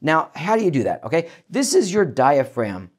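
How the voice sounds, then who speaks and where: A man teaching vocal warm-ups as a voice coach, with an energetic, demonstrative coaching manner. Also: a little high, normal speed. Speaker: voice coach and keynote speaker. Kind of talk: instructional talk to camera.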